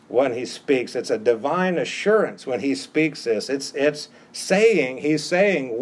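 Emphatic male pastor preaching a sermon. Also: fairly high pitch. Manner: emphatic, repeats key phrases; conversational asides.

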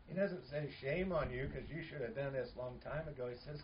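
A man's voice: mid-range voice, normal speed, pauses often, noisy background. Earnest male preacher, slightly dull recording. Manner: earnest, repetitive, emphatic preaching. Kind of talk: sermon.

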